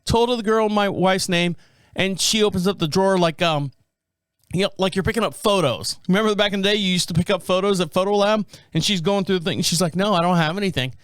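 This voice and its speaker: Man, middle-aged, podcast host, rambling casual storytelling, high clean voice. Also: fast, a bit bright, clear, resonant tone, no echo. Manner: rambling anecdotal delivery, acts out quoted people.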